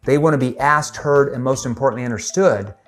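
A man's voice: mid-range voice, brisk, faint music behind. A middle-aged man teaching sales technique in an emphatic way, often acting out sample questions to prospects. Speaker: sales trainer. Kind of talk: sales training lesson.

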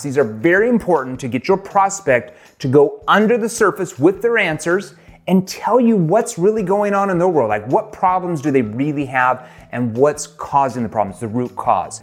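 A middle-aged man teaching sales technique in an emphatic way, often acting out sample questions to prospects. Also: a little high. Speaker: sales trainer. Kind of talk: sales training lesson.

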